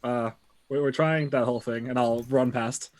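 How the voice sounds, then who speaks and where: A man's voice: medium pitch, fairly even intonation, moderate pace, darkish tone. A man playing in a tabletop game, chatting in a wry, playful way. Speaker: player. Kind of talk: casual chat.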